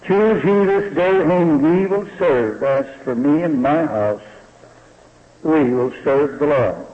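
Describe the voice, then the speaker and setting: A man preaching a sermon slowly and deliberately, often asking the listeners rhetorical questions. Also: fairly high pitch. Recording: dull lo-fi recording in a reverberant hall.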